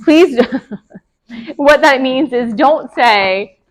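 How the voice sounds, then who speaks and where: A woman's voice: sits high, expressive, very slow, poor audio. Chatty woman teaching a class. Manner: chatty, laughs often, asks the room questions. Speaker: real estate broker teaching agents. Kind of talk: casual classroom lecture.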